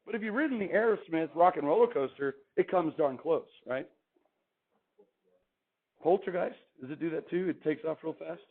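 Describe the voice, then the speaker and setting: A man's voice: fairly high pitch, moderate pace. A male math teacher lecturing a classroom, chatty and quizzing the students as he goes. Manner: chatty, asks the class questions. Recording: tinny phone-like classroom recording.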